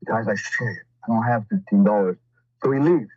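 A man's voice: fairly low pitch, a little fast, darkish tone, breathy edge, no room sound, highs cut off. A man talking as a podcast guest, telling stories in a blunt, profane, rambling way with lots of fillers. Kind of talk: casual storytelling.

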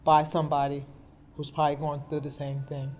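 A woman's voice: low-pitched, monotone, brisk, a little mellow, a little hiss or hum. Earnest plainspoken middle-aged woman. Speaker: guest. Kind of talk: personal storytelling in conversation. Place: indoor interview. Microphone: podcast mic.

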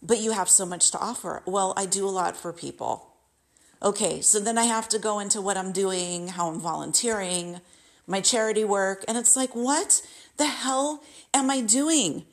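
A woman's voice: medium pitch, moderate pace. A married woman ranting about someone who keeps prying into her life, frustrated and indignant, acting out her own retorts in bursts. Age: adult, married. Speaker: vlogger venting about a masseuse. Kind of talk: emotional personal rant.

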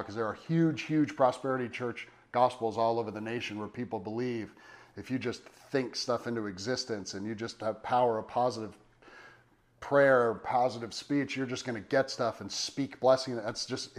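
Man teaching a casual Bible study. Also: mid-range voice. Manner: conversational, many fillers, emphatic.

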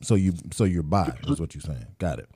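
A man's voice: extremely low pitch, lively intonation, fairly quick, warm tone. A man hosting a casual podcast chat, teasing his co-hosts and laughing often. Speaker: podcast host.

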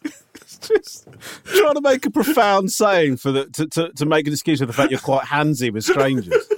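A man's voice: on the high side, animated, normal speed. A man co-hosting a podcast in a casual chat, teasing and skeptical, often stumbling over restarts. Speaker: podcast co-host.

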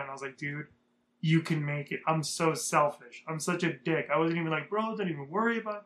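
A young man from Southern California tells a story in a loose, casual vlog way. His voice sits a little high for a man. He rambles and swears freely, with lots of fillers. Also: quick pace. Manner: profane, rambling, animated. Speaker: vlogger.

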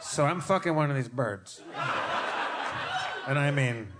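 A man's voice: medium pitch, expressive, heavy background noise. A man co-hosting a live comedy podcast, telling stories in stuttering bursts and swearing freely. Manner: fast, stuttering, profane storytelling. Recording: live show with loud audience.

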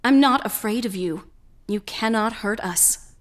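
A woman voicing a calm, fearless young woman who speaks firmly and quietly. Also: on the high side, unhurried, close to an everyday voice. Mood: defiant.

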